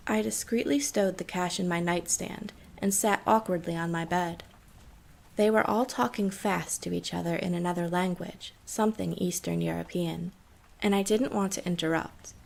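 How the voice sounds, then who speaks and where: A woman narrating a scripted horror story in a steady, measured way. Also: lowish voice, gravelly.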